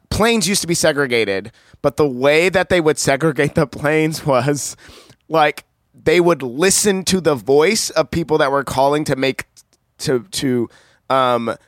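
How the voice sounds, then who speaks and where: A man co-hosting a casual film-review podcast, telling stories in a halting way with many restarts. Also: fairly high pitch, no room sound, studio quality. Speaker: podcast co-host.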